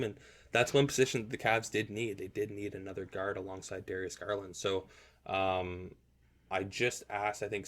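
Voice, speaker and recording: A man hosting a casual basketball podcast, talking in a rambling way with frequent restarts. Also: lowish voice. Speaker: podcast host. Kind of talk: casual sports chat.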